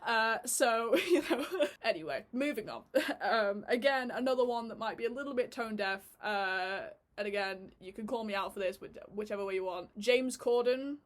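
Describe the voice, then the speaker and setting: A woman's voice: a little high, moderate pace. A woman giving a casual chat review on her channel, chatty and laughing often, with lots of fillers and restarts. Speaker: YouTube reviewer.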